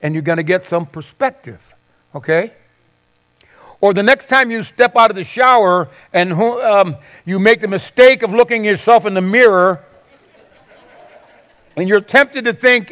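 A middle-aged man preaching a sermon, swinging from loud bursts to soft asides. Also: sits high, a little slow, long pauses. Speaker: pastor.

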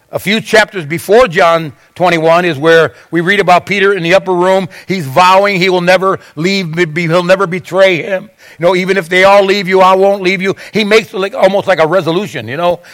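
High-voiced man preaching a dramatic sermon. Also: a bit bright. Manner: dramatic storytelling, acting out voices. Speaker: pastor.

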